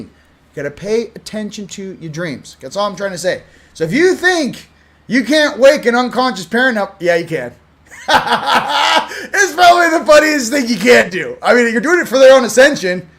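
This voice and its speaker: A man from Southern California hosting a spiritual channel, talking casually to camera, animated and laughing, swinging from hushed to loud. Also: very high voice. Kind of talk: casual direct-to-camera talk.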